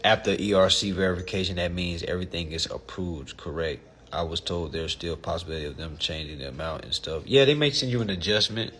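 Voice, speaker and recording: A man's voice: low voice, quick pace, a bit bright, slight background noise. A man hosting a casual livestream and answering viewer questions, blunt and profane, and often calling his listeners family.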